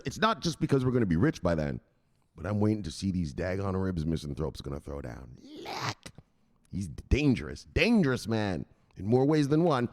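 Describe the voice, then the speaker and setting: An American man hosts a crypto news vlog in a loose, rowdy style. His voice leaps all over the place in pitch as he jokes, laughs and shouts catchphrases at his viewers. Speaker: crypto news channel host. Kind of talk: casual livestream-style vlog chat.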